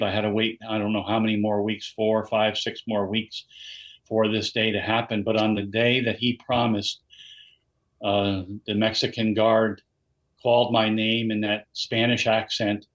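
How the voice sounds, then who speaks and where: A man's voice: fairly low pitch, fairly bright tone, poor audio. An older man giving a personal testimony as a guest in an interview, telling his story earnestly. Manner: earnest storytelling, quoting others.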